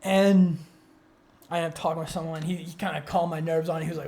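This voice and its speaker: A young man co-hosting a podcast, telling a story in casual chat, excitable and rambling with frequent swearing and restarts. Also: fairly high pitch, fairly quick. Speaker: podcast co-host.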